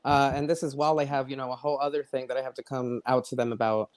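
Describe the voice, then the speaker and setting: A man's voice: mid-range voice, little pitch movement, quick pace. A man in a casual panel chat, speaking reflectively and hesitantly with many fillers. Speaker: podcast co-host.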